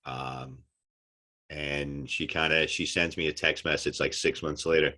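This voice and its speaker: Deep-voiced animated male storyteller. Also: measured pace. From United States. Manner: animated storyteller, acts out quotes. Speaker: actor guest. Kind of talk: casual interview chat.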